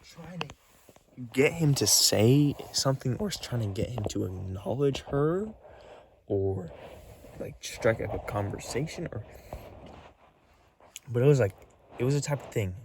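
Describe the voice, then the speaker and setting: A man telling a creepy story in a casual vlog, rambling and halting with lots of fillers as he hunts for words. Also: mid-range voice, expressive, creaky, background noise. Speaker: vlogger.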